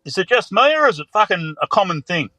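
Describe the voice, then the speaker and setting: A man's voice: high-pitched, very animated, fast, pushed and bright, dry recording, rough recording. A man leaving a crude, blokey voice message as a caller to a podcast. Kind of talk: recorded voice message.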